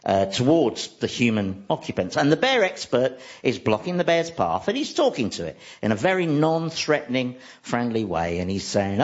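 Casting: wry comedian, animated delivery, slightly dull recording. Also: male voice, medium pitch, normal speed, few pauses. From central London. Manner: dry, wry, self-mocking. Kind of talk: comic monologue.

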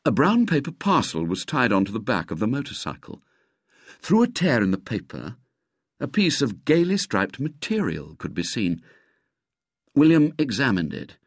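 A man reading a children's story aloud with expressive, lively narration. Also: mid-range voice, normal speed, breathy edge, no room sound, studio quality.

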